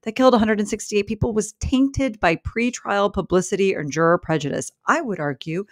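A podcast co-host trades wry jokes and quick comebacks, and sometimes reads news items aloud. The voice sits at an average pitch. The recording is dry and close. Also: no echo. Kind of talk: casual chat, reading news items aloud.

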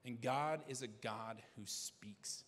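A man delivers a sermon from the pulpit in a mid-pitched voice, earnest and prone to restarting phrases. The sanctuary around him carries a long, ringing reverb. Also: slow, fairly bright tone. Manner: earnest preaching with repeated restarts. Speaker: pastor. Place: church sanctuary. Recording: long church hall reverb.

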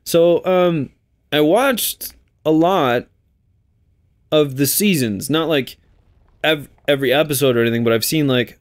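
A man's voice: a little high, a little slow, pauses often. A young Canadian man co-hosting a let's play, chatting casually and jokily as he plays. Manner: animated, jokey, does silly voices. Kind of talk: casual gaming commentary.

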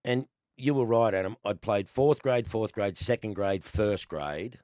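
An Australian man in his sixties, a guest telling lively stories in a casual chat, laughing often. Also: lowish voice, measured pace, no room sound, clean studio sound. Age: 60s. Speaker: guest, former cricketer.

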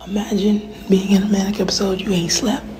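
A woman ranting candidly about herself, profane and frank, often dropping into soft whispered asides. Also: medium pitch, level tone, fairly quick, soft background music, poor audio. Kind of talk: candid personal rant.

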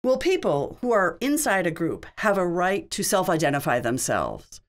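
A woman interpreter voices a signed question-and-answer session in a low-pitched voice. Her intonation rises and falls a great deal. She keeps it conversational and explanatory, speaking in short phrases. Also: sing-song, moderate pace. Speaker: sign language interpreter.

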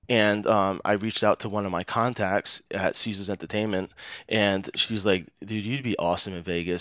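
Rhode island guy, lowish voice, chatty story with lots of quotes, kinda dull dry lo-fi sound. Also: no room sound. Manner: chatty, animated retelling with quoted dialogue. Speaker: guest. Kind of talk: casual storytelling.

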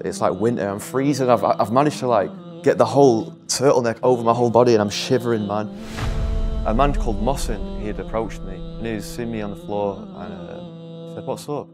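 A young man from northwest England, telling his life story as an interview guest in a candid, halting way. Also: on the low side. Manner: candid, repetitive, halting restarts. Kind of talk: personal testimony interview.

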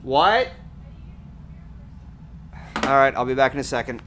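Animated man swearing through a game stream. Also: mid-range voice, measured pace, background noise. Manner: swears loudly at the game, frequent outbursts. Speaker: streamer playing a video game. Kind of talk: casual gameplay chat.

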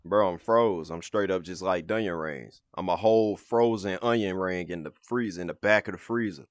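A man giving casual, excitable commentary while playing a VR game, slangy and swearing freely. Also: low voice, normal speed, no echo, clean studio sound. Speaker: VR gaming video host. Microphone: VR headset setup.

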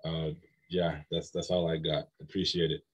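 Very low, flat-voiced man. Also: moderate pace, slightly rough. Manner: low-key, hesitant, self-deprecating. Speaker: panelist poet. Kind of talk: panel discussion.

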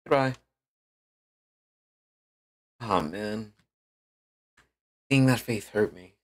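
A man streaming a game playthrough, reacting excitably and talking to his chat. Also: mid-range voice, a little slow. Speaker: gaming streamer. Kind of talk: casual playthrough commentary.

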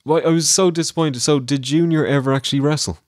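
A man co-hosting a casual review chat, asking questions and chiming in with quick agreement. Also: a little high, steady tone, a little mellow, dry recording, clean studio sound. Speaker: co-host.

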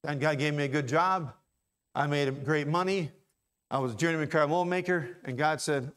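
High-voiced preacher swinging loud to quiet. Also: male voice, clear, resonant tone. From Ohio. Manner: swings from loud preaching to low, quick asides. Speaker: pastor. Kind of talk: sermon. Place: church sanctuary.

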